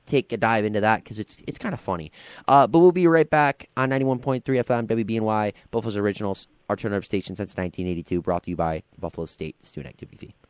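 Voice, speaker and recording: A man's voice: on the low side, fast, smooth, dry recording. A man hosting a casual sports radio show from a college radio studio, rambling with lots of fillers in an affable way.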